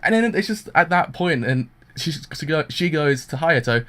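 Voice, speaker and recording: A man's voice: on the high side, animated, normal speed, fairly bright tone. A man giving a casual, rambling anime review with constant fillers, acting out the characters' lines as he retells them. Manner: rambling, full of fillers, acts out quotes.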